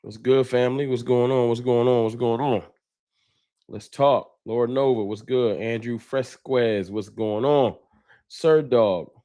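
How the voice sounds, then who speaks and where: A man's voice: mid-range voice, fairly even intonation, unhurried, warm tone. A laid-back man hosts a casual livestream and chats easily into his mic as viewers come in. His voice sits in the middle of the male range, and he keeps an easygoing, slangy, friendly rhythm. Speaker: host of a fan livestream.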